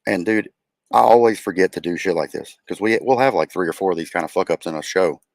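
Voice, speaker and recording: A young man with a lowish voice hosts a casual streamed podcast. He rambles loosely and swears freely, and the sound is close and dry with no room echo. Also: fast, vocal fry. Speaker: podcast host. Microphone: remote stream setup.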